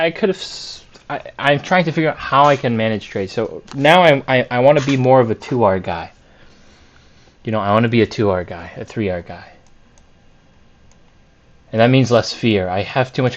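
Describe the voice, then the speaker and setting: A man's voice: mid-range voice, dull audio. A man reviewing his week of trades on a chart, candid and self-critical, thinking aloud with fillers and restarts. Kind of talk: screen-share trade review.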